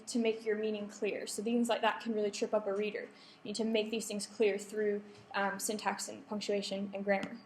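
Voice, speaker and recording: A woman's voice: mid-range voice, slight background noise. Woman lecturing with ums in a roomy hall. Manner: explanatory, with frequent ums and self-corrections. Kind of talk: academic writing workshop talk. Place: lecture room. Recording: echoey lecture room.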